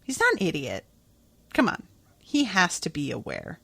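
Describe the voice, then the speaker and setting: A woman's voice: lowish voice, huge pitch swings, moderate pace, creaky, fairly bright tone, husky, dry recording. A woman hosting a podcast, recapping an episode in a chatty, blunt way and swearing freely. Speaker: podcast host.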